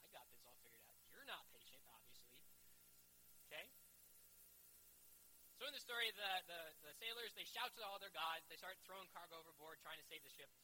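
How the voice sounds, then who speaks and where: Very bright-voiced jokey young Bible teacher. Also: male voice, a little high, expressive, brisk, pauses often, a little hiss or hum, poor audio. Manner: playful, sarcastic asides, acts out characters. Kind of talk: casual jokey Bible lesson.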